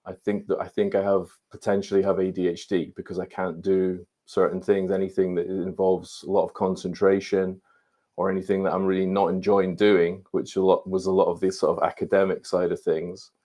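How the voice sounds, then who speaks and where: Low, flat-voiced man in his fifties. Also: brisk. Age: 50s. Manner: candid, reflective personal account. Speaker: ADHD coach, podcast guest. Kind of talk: interview conversation.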